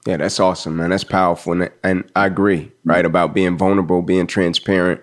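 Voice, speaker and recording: A man's voice: sits low, little pitch movement, brisk. A man hosting a podcast interview, enthusiastic and affirming, with frequent "right?" and "like" in his speech. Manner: enthusiastic, affirming, peppered with 'right?' and 'like'. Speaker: podcast host. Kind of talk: casual interview conversation.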